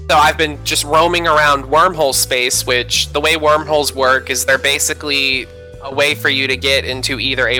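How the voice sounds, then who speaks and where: A man's voice: fairly high pitch, pushed and bright, low-quality recording. A man from the American South telling a gaming story on a casual podcast, with frequent fillers. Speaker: podcast co-host.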